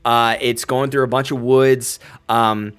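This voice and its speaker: A man's voice: mid-range voice, level tone, unhurried, a bit bright, smooth. Rambling male game master. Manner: rambling with many fillers. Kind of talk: narrating a tabletop game.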